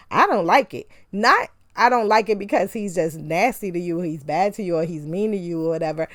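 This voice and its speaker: A woman's voice: lowish voice, a little fast, few pauses, no echo, clean studio sound. Chatty laughing woman reviewing a movie. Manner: chatty, laughing, sarcastic, acts out quotes from the film. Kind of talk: casual movie review recap.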